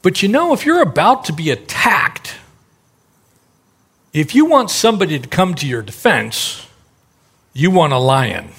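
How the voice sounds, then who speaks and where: A man's voice: fairly high pitch, sing-song, a little slow, long pauses, a bit bright, breathy edge. A middle-aged male pastor preaching a sermon in a conversational way, acting out the voices in the stories he tells.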